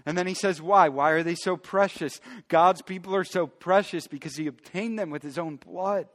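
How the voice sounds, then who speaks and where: A male pastor preaching a sermon emphatically, moving between loud declarations and quiet, hushed asides. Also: high voice, normal speed, in a large hall.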